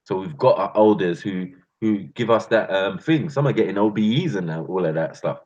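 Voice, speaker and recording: A man with a London accent gives a heated, slang-heavy rant, his voice low and husky. The sound is muffled and lo-fi, and he keeps calling out to his listeners as bruv and fam. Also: moderate pace, darkish tone. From England. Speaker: channel host.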